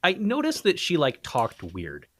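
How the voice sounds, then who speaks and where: A man talks casually as a podcast guest, his pitch swinging widely as he rambles through his thoughts. His halting restarts come through clearly on a dry, close mic. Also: wildly swooping pitch, a bit bright, no echo. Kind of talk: casual movie-review chat.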